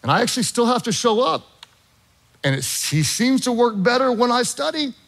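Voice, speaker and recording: A man's voice: very high voice, very animated, moderate pace, vocal fry, a bit bright. A middle-aged man preaching a sermon, telling a story with jokey asides to his congregation. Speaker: pastor.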